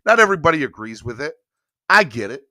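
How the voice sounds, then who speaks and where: A man in his thirties from rural North Carolina, hosting a casual sports podcast and telling stories with animated emphasis. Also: on the high side, fast talker, dry recording, studio quality. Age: 30s.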